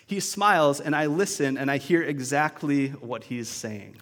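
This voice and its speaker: A man's voice: a little high, measured pace, few pauses, a bit bright. A man preaching a sermon as pastor, talking in a conversational, reflective way with restarts and asides. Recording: long reverb of a large church hall.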